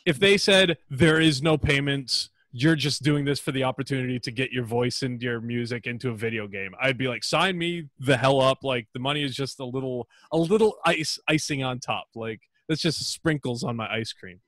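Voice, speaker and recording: A man's voice: medium pitch, moderate pace, few pauses, a bit bright, no room sound. An American man chatting casually as a podcast guest, laughing often and rambling with restarts. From United States. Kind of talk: casual chat.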